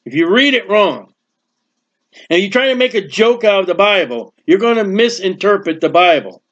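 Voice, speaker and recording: Man, preacher, verse-by-verse Bible teaching, high voice, dull lo-fi sound, emphatic, repeats phrases. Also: big pitch swings, a bit bright. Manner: emphatic, repetitive, conversational asides with quick jokes. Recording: dull lo-fi recording.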